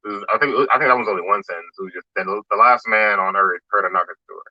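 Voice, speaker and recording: A man's voice: lowish voice, racing, no echo, highs cut off. A man co-hosting a casual podcast, joking loosely in slang and laughing. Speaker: podcast co-host.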